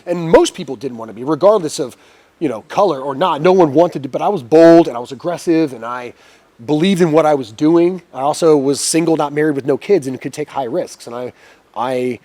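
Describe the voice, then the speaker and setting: A man's voice: on the high side, fairly quick. A middle-aged man telling a long story as a podcast guest, cursing freely and acting out what people said. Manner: profane, animated, acts out quotes. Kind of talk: casual storytelling.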